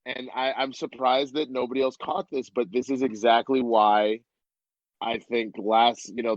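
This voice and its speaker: Thirties male comedian guest, mid-pitched, lively storyteller who swears and laughs; dull, dry remote recording. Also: no echo. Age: 30s. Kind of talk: casual podcast chat. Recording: dull, muffled remote audio.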